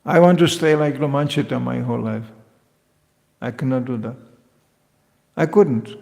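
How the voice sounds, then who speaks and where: Male spiritual teacher, devotional lecture, gravelly and animated, acts out quotes, big echoing hall. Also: medium pitch, normal speed. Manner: lively, joking, acts out quoted voices.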